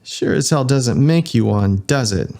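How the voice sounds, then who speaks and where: A man's voice: mid-range voice, expressive, a little slow, gravelly, mellow. A man voicing a brash, scornful young man in an audiobook.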